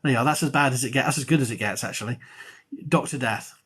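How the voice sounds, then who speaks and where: A middle-aged man, an archaeology professor, chatting on a live stream in a rambling, self-mocking and excitable way. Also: medium pitch, fast talker, husky. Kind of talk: casual live-stream chat.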